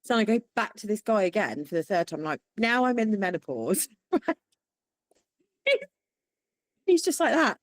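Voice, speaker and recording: Woman, lively sing-song delivery, salty storyteller, dry mic. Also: medium pitch, normal speed, no echo. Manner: swears freely, laughs while telling stories. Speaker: guest. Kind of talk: candid storytelling interview.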